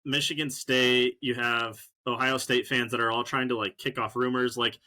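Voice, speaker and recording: A man co-hosts a casual sports podcast and keeps pressing his own argument. His voice is bright and forceful, and he talks in an insistent way. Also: mid-range voice, flat delivery, moderate pace. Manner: insistent, defends his point. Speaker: podcast co-host.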